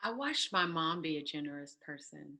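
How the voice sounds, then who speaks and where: A woman guest telling a personal story in casual conversation, animated and acting out quoted voices. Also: low voice, moderate pace, gravelly. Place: church stage.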